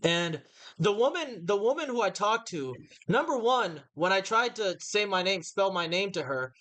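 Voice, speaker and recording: A man's voice: high voice, lively intonation, normal speed, fairly bright tone. A man co-hosting a casual podcast, telling a laid-back story with frequent stammered restarts. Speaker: podcast co-host. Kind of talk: casual chat.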